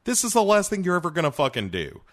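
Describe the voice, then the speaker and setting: A man co-hosting a casual movie-review podcast, animated and profane, laughing often. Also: sits high, quick pace. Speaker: podcast co-host.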